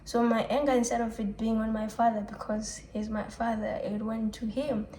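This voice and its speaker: A young woman talking through a personal confessional vlog, reflective and halting, often restarting her sentences and letting out soft sighs. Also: fairly high pitch, little pitch movement, a little hiss or hum. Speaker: vlogger. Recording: echoey room.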